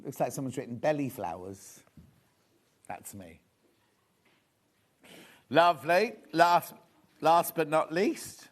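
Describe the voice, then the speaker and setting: Lively, chatty man selling fabric. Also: fairly high pitch, takes it slowly, long pauses. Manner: chatty, rambling, gossipy asides. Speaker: shopping channel presenter. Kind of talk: live TV selling chat. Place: TV studio.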